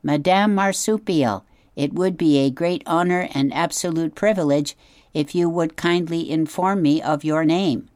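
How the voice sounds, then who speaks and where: A woman's voice: low-pitched, fairly even intonation, unhurried, clear, resonant tone, no echo, clean studio sound. A woman voicing a stiff, overly formal female robot in a storybook reading, stilted and careful. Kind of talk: audiobook character voice.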